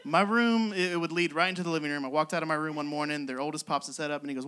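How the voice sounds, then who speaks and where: A man's voice: on the high side, very fast, hardly any pauses, bright, forceful tone, a little hiss or hum. A man in his twenties telling self-deprecating stories in a stand-up comedy set, laughing between lines. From West Virginia. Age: 20s. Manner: self-deprecating storytelling with lots of laughing asides. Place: comedy club stage with live audience.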